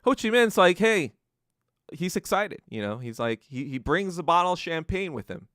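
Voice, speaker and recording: Man, podcast host, casual storytelling, lots of swearing, lively swooping pitch, dry close sound. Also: normal speed, no echo. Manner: heavy swearing, loose storytelling with acted quotes. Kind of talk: casual history monologue.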